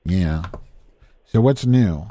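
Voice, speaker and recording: A man with a low, mellow voice rambles through a profane, griping podcast monologue, his pitch swinging widely as he complains. The sound is dry and close, with no room around him. He sounds like a host talking straight into his microphone. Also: animated, very slow, no room sound. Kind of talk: casual rambling monologue and phone chat.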